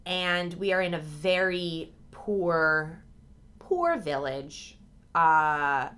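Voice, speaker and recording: A young woman co-hosting a podcast, chatting casually and telling a story, giggly, animated and swearing freely. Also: on the low side, drawn-out words, clean tone. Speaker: podcast co-host.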